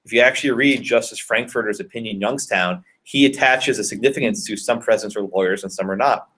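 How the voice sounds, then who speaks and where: A man's voice: lowish voice, quick pace, fairly bright tone, breathy edge. A male law professor giving a conversational classroom lecture and questioning his students.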